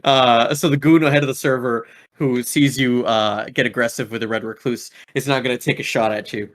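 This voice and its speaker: A man's voice: medium pitch, steady tone, brisk, fairly bright tone. A young man running a tabletop game as game master, rambling with many fillers and laughing at his own slips.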